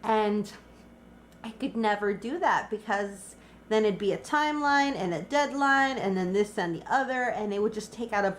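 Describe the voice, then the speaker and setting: A woman's voice: medium pitch, moderate pace, slight background noise. Chatty young woman vlogging. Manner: chatty, lots of "like" fillers. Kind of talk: casual daily vlog.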